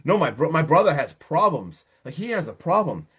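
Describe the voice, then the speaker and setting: A man's voice: on the high side, big pitch swings, fairly quick, husky, voice pushed up, heavily acted. A man voicing a frantic, worried woman on the phone, urgent and pleading as he retells a scene.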